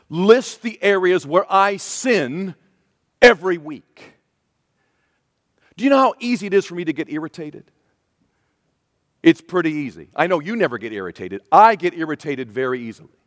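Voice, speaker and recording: A man's voice: high-pitched, in a large hall. A middle-aged male pastor preaching a passionate sermon, often speaking as Jesus would to his listeners. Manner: impassioned, voices Jesus speaking directly to listeners.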